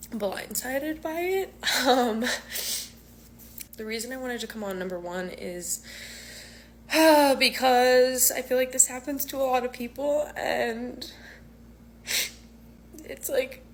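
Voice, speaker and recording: Slow, gravelly woman telling her story. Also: on the high side, slight background noise. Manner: halting, searching for words. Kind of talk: personal account to camera.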